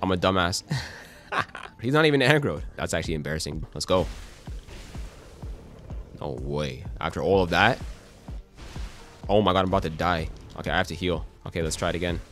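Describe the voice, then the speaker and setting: A young man giving casual, excitable gameplay commentary, swearing and cracking jokes as he plays. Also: deep voice, a little fast, pauses often, faint music behind. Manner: excitable, swearing, jokey, quotes song lines and memes. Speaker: gaming YouTuber.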